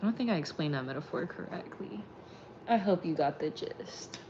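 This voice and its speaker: A woman's voice: lowish voice, normal speed, lo-fi sound, noisy background. Rambling woman chatting in a car. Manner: rambling, animated, swears freely. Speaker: streamer and vlog host. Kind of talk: casual late-night chat. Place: inside a car at night.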